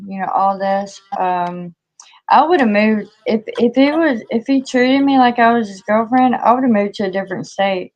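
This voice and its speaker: A woman's voice: mid-range voice, normal speed, darkish tone. A woman in casual chat, talking freely with many fillers, acted-out quotes and frequent laughs. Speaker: co-host. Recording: dull lo-fi audio.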